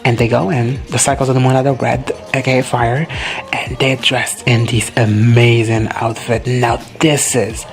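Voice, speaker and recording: A man giving a casual reaction recap of a TV episode, gushing, swearing freely and briefly acting out characters in quick high voices. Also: flat delivery, faint music behind. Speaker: reaction vlogger.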